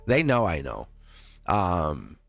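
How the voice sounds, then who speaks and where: Soft background music accompanies a middle-aged tarot reader's livestream as he rambles chattily and laughs a lot. His low, creaky, slightly bright voice moves slowly but with huge pitch swings.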